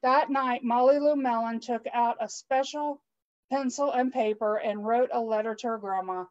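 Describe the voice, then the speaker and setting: Lively woman reading a picture book. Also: high-pitched, normal speed. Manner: expressive read-aloud with chatty asides to listeners. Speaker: guest storytime reader. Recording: dull lo-fi online stream audio.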